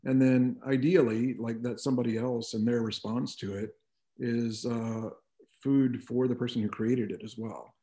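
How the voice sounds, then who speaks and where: A man's voice: mid-range voice, steady tone, moderate pace, dark tone. A middle-aged man talking reflectively as an interview guest, with frequent "you know" asides. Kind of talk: conversational interview.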